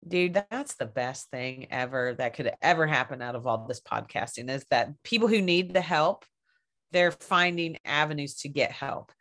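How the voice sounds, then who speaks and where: Low-voiced woman podcaster, casual. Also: animated, normal speed, a bit bright. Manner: candid, laughs often, swears casually. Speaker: podcast host. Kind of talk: casual chat.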